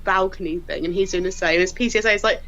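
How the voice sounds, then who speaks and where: A woman's voice: on the low side, fast talker, slight background noise. Woman in her 30s, chatty storyteller, does the voices, slightly muffled podcast sound. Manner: lively, laughing storyteller who acts out quotes. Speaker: crime scene investigator guest. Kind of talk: casual anecdote telling.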